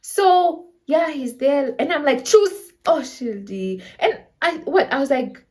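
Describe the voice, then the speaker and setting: A woman's voice: sits high, animated, measured pace. A woman in her twenties from Namibia, casually telling a storytime vlog and acting out the other people's lines, with local slang mixed in. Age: 20s. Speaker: storyteller vlogger.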